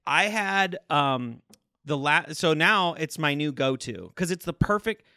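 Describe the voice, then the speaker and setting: A young man chats casually, rambling and laughing as he goes. His voice sits a bit high and sounds bright and forceful. The recording is dry and close. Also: lively intonation, a little slow, smooth, dry recording. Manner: rambling, laughs often, says "dude". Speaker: podcast co-host. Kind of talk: casual chat.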